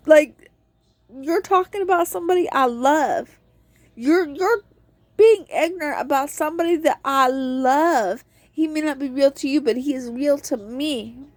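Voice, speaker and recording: A high-pitched woman talks through a devotional lesson at a relaxed, unhurried pace. She tells it like a personal story, earnest and expressive, and slips into voices for the quotes. The sound is dry and close. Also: no room sound. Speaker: podcast host teaching on a Bible book. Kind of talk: casual devotional talk.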